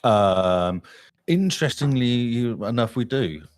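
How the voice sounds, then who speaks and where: A man's voice: medium pitch, expressive, slow. A man playing a tabletop role-playing game, asking questions in a casual, playful way. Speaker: player. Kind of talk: tabletop role-play as a player.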